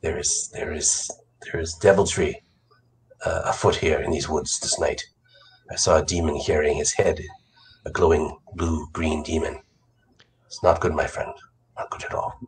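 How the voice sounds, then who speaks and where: An older man voicing a grim male warrior who warns in a halting, hushed way of demons in the woods. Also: rumbling low, fairly even intonation, a little hiss or hum, voice pushed down, poor audio. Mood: ominous.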